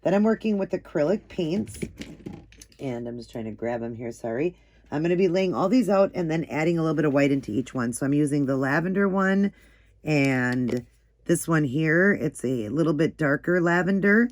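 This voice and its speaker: A woman's voice: low voice, lively intonation, moderate pace. A middle-aged woman hosting a nail art channel, talking in a rambling, casual way and often repeating herself. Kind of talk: casual tutorial chat.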